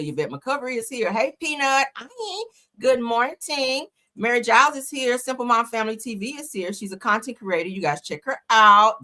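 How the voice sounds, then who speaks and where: A woman's voice: medium pitch, bright, forceful tone. A woman hosting a livestream, giving casual, slangy commentary and laughing often. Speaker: livestream host.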